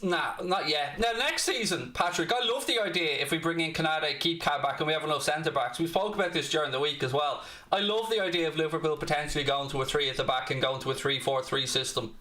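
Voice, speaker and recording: A man's voice: a little high, fast talker, pushed and bright. Blunt, cheeky Dublin Irish man. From Ireland, Dublin. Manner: blunt, cheeky, swears freely. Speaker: fan channel host. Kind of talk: football watchalong chat. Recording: roomy echo.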